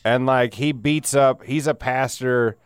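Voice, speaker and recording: A man's voice: mid-range voice, fairly even intonation, a little slow, smooth. A man hosting a casual solo podcast, rambling and sardonic with frequent laughs, wheezing through a sinus cold. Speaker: podcast host.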